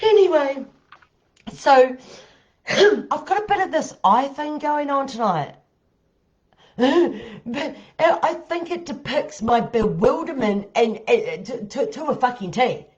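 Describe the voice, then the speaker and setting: A woman's voice: a little high, darkish tone. A woman telling her dating stories in a blunt, heavily profane way, with laughing asides. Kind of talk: casual storytelling monologue. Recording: dull lo-fi audio.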